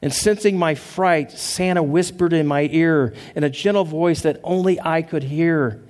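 Earnest male pastor preaching, slightly high voice. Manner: earnest storytelling, slows to a hushed tone in prayer. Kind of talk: sermon.

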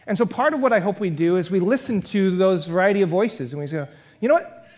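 A man's voice: high-pitched, fast, darkish tone. A man preaching a sermon as pastor, reflective and conversational, building long spoken lists and stopping for self-deprecating asides.

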